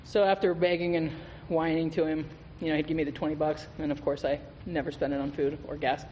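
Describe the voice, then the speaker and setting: A man's voice: a little high, little pitch movement, brisk, darkish tone. A man giving a candid, profane recovery testimony as a guest speaker at a meeting, telling his story with laughs. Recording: reverberant hall with faint noise.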